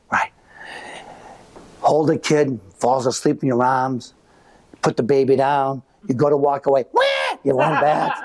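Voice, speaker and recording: A middle-aged man performing live stand-up comedy, telling animated stories and acting out voices. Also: fairly high pitch. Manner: animated storytelling with acted-out voices. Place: live venue with an audience.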